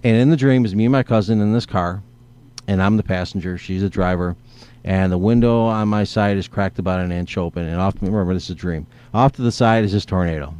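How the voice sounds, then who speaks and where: A man's voice: low voice, brisk, darkish tone, clear, resonant tone. A man in casual conversation, telling a rambling story and acting out his own inner dialogue. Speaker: guest.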